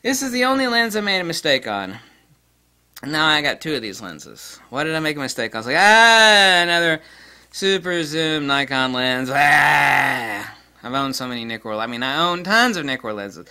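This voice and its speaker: A man giving a casual gear review in a blunt, crude and excitable way, breaking into laughter. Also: medium pitch, clean tone. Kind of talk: casual product review vlog.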